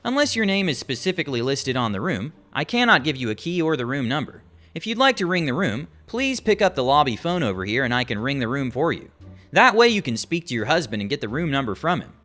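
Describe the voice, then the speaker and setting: Man plays a patient, firm front-desk supervisor with a lively delivery. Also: medium pitch, quick pace, soft background music. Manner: polite, firm, procedural.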